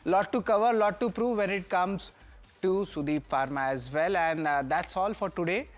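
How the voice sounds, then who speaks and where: A man's voice: sits high, normal speed, soft background music. A man hosting a business news show, asking long, hesitant questions full of fillers. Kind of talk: interview questions.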